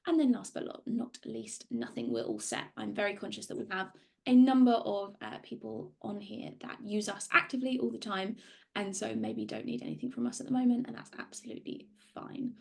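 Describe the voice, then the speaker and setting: A woman's voice: a little high, lively intonation, brisk, gravelly. A woman hosting a webinar over a video call, friendly and organised as she reads out audience questions. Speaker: webinar host. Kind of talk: webinar presentation and Q&A.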